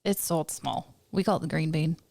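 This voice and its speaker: A woman in her thirties co-hosting a podcast, chatting casually with wry, deadpan quips. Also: deep voice, moderate pace, vocal fry, no echo. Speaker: podcast co-host. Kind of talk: casual chat.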